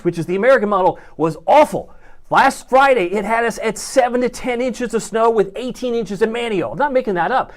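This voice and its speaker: A middle-aged man, a chief meteorologist, presenting a live weather broadcast in a folksy, chatty way with jokey asides. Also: high-pitched.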